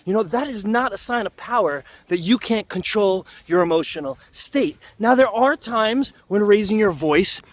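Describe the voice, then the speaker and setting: A man's voice: sits high, expressive, normal speed, few pauses. A man hosting a leadership channel, giving casual talk-to-camera advice in an emphatic, conversational way and checking in with "okay?".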